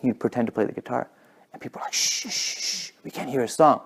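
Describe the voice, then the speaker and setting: A man in the middle of a casual talk, telling stories at a quick, animated pace. His voice sits at an ordinary middle pitch. Now and then he falls to a near whisper to make a point. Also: gravelly, slight background noise. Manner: fast-talking, animated, drops to whispers for effect. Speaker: guest speaker.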